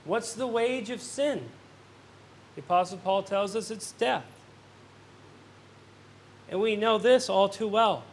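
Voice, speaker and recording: A male pastor preaches an earnest sermon in a voice that sits high, speaking slowly with long pauses over a slight hiss or hum. He swells on emphatic questions, drops soft on somber points, and often repeats words as he restarts phrases.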